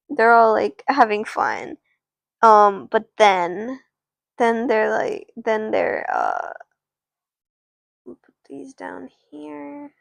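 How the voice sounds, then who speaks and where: A woman's voice: fairly high pitch, gravelly, no room sound. A woman streamer casually narrating an improvised doll story, rambling and chatting to viewers. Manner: rambling, restarts, chats to viewers.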